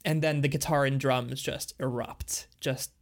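A man's voice: mid-range voice, fairly even intonation, measured pace, vocal fry. A man co-hosting a casual music podcast, talking thoughtfully and at length about songs. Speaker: podcast co-host.

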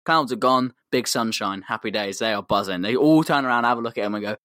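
A man's voice: medium pitch, fast, sharp tone, no room sound. Man, podcast co-host, rambling comic story, slangy, dry close sound.

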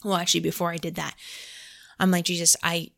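This woman's voice sits on the low side, level, brisk, creaky and fairly bright. Hosting a casual faith podcast, she narrates a story full of "like" and acts out the prayers she prayed.

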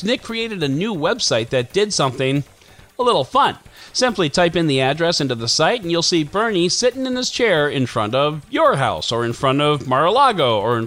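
A man in his forties runs through tech headlines on his podcast, his voice sitting slightly high and swinging widely in pitch. He reads a script but keeps it playful, with puns and self-mocking asides. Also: fairly bright tone. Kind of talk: scripted news roundup with jokes.

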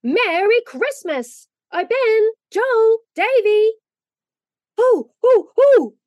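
A woman doing an excited, squealing girl. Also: moderate pace, lo-fi sound, heavily acted. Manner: high, squealing delight. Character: excited young girl, eldest sister, fretful.

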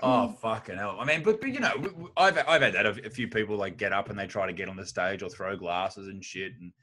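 A man, a stand-up comedian, swaps crude stories in casual chat. His voice is bright and forceful, and he tells them in a brash, sweary way. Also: fairly low pitch, expressive, fast talker.

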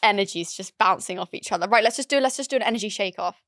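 A woman, co-hosting a podcast, chatting in a lively, casual way. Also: medium pitch, quick pace, dry recording, studio quality. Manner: animated, chatty. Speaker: podcast co-host. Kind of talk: casual chat. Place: indoor studio room.

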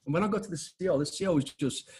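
A man in his fifties, an interview guest telling blunt, animated stories full of restarts and acted-out dialogue. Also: fairly high pitch, racing, slightly rough. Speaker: interview guest, former special forces soldier. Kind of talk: casual conversational storytelling.

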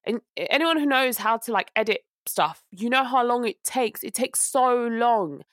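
Young woman co-host, unwell, lively ranting delivery, fairly high pitch, dry close sound. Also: moderate pace, no room sound. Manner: animated ranting storyteller. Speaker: podcast co-host. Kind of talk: casual chat.

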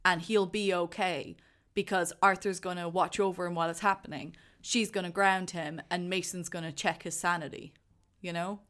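Animated woman chatting about a film. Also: lowish voice, moderate pace. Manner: animated, acts out quotes with rising excitement. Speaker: podcast co-host. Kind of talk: casual chat about a film.

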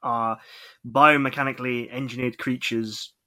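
A man's voice: medium pitch, steady tone, normal speed, pushed and bright. A man co-hosting a podcast, chatting casually with many fillers and restarts into a podcast microphone. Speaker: podcast co-host.

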